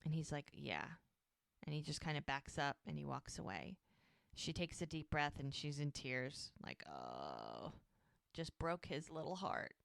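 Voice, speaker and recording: A woman's voice: sits low, steady tone, moderate pace, vocal fry, fairly bright tone, no echo, clean studio sound. A woman co-hosting a podcast, casually retelling TV scenes and quoting characters' lines. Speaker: podcast co-host. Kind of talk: casual recap chat.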